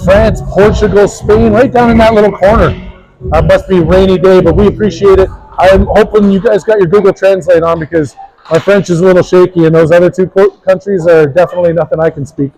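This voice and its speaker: A man doing play-by-play for a youth hockey game, brisk and joking, reading sponsor spots between plays. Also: high voice, steady tone, creaky, warm tone, faint music behind, rough recording. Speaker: play-by-play commentator.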